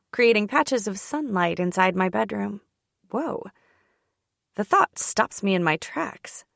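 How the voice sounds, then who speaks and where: A woman narrating a first-person romance audiobook in an intimate, expressive way on a close studio mic. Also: mid-range voice, vocal fry, no echo.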